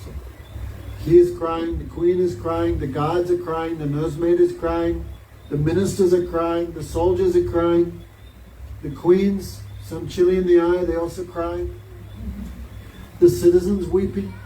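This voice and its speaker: A man with a high, mellow voice tells a devotional story in a class and keeps asking his listeners questions. He is picked up from a distance in a roomy space with faint noise behind him. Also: flat delivery, measured pace. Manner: storytelling with frequent rhetorical questions. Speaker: spiritual teacher.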